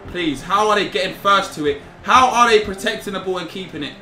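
A young man commentating his own football video game, animated and easily exasperated, full of slang. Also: sits high, a little fast. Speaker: gaming YouTuber. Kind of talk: excitable gameplay commentary. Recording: roomy sound with game music. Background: video game music and sound.

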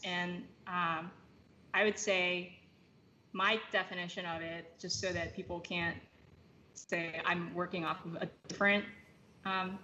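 Bright-voiced woman chatting thoughtfully. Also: mid-range voice. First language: English. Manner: thoughtful, many fillers and restarts. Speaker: podcast guest. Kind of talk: casual chat. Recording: slightly dull lo-fi audio with faint noise.

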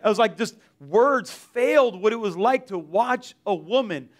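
A man's voice: high voice, animated, a little slow. A man giving a casual, rambling testimony at a church service, full of "like"s and restarts. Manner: rambling, filler-heavy, many "like"s and restarts. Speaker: mission trip team member giving testimony.

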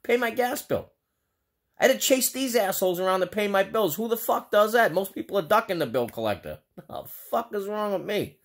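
This vlogger talks high-pitched, animated and brisk, his Boston accent coloring a ranting storytime video. Exasperation and sarcasm drive it, and he swears constantly.

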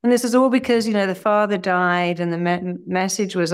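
A middle-aged woman hypnotherapist telling client stories in an animated, conversational way. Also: medium pitch, fairly quick, hardly any pauses, clear, resonant tone. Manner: animated anecdotes, lively acted-out quotes. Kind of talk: conversational storytelling.

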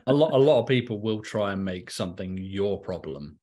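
A man's voice: lowish voice, expressive, a little fast, warm tone. A man, a special effects guest, telling work stories in a rambling casual chat with many restarts. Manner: rambling, many restarts, acts out quoted voices.

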